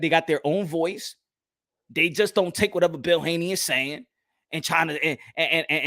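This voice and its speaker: A man's voice: fairly high pitch, fairly bright tone, no echo, clean studio sound. A young man hosting a boxing channel, talking in slangy, rambling commentary and often repeating himself.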